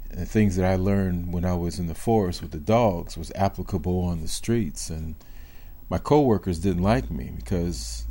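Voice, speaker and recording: An older man with a very low voice tells a personal story in an interview, measured and deliberate, pausing to reflect. His tone is dark and mellow. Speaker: former police officer telling his story.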